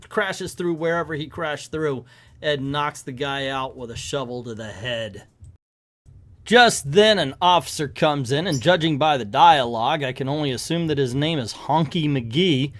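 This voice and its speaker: A man reviewing a comic book in casual commentary, hesitant and rambling, with many fillers. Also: fairly high pitch.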